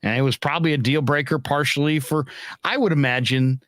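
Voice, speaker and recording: A man's voice: a little high, a little fast, fairly bright tone, no echo. A man hosting a baseball post-game talk show, giving opinionated analysis in a casual way. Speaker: sports talk show host.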